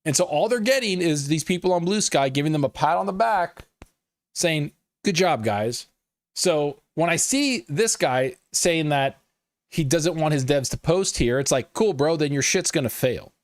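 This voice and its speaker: A man's voice: on the high side, unhurried, dry recording. A man hosting a live gaming news stream, talking casually with lots of swearing and riffing with his chat. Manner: profane, animated, riffs and laughs at chat.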